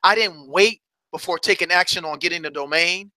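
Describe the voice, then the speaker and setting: A man's voice: sits high, fairly quick, sharp tone, dry recording. A man giving a motivational talk, telling stories and repeating words for emphasis. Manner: storytelling, acts out quoted voices. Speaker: motivational speaker.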